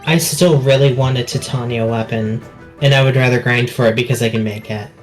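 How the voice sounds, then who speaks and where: A man's voice: medium pitch, steady tone, fairly quick, soft background music. Insistent man repeating his point. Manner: insistent, repeats himself, hedging. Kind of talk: casual chat.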